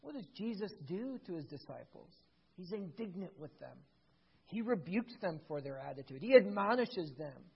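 A pastor delivers a sermon with a breathy, husky voice. The delivery swings between quiet, intimate lines and loud, emphatic peaks. The recording sounds a little dull and lo-fi. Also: medium pitch, sing-song, normal speed. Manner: dramatic, swings from hushed to loud.

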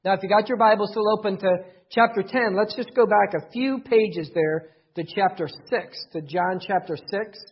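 In a sermon captured on a dull, lo-fi recording, a male pastor speaks with a high, somewhat husky and breathy voice. He keeps a moderate pace with few pauses, repeating key phrases with emphasis to drive his points.

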